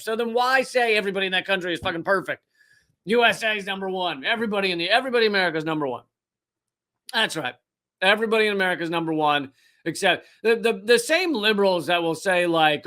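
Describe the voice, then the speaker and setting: A man's voice: sits high, sharp tone. A man hosting a political commentary show, ranting with profanity and sarcastic put-on voices. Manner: profane, sarcastic, mocking mimicry. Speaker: host.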